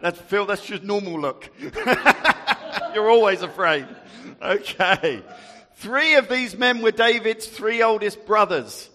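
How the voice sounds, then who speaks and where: A jovial man with a high, bright voice tells a story to a group and jokes with volunteers. He speaks at an unhurried pace, and his voice rings through a large, echoey hall. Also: expressive. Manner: jovial, chatty, laughs often. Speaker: storyteller leading a group activity. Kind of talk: interactive Bible storytelling to a group.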